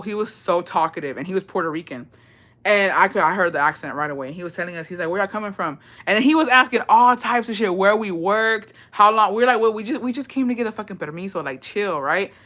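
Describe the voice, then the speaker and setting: A woman telling a casual storytime, profane and animated, mixing in Spanish phrases and laughing often. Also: mid-range voice. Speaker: vlogger.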